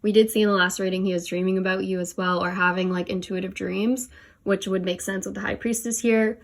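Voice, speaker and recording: A brisk young woman with a medium-pitched voice and fairly even intonation chats her way through a casual tarot reading. She's at home, kneeling on the floor and leaning over the cards, which leaves her slightly breathless. She laughs at herself often, and "like" and "um" crop up constantly.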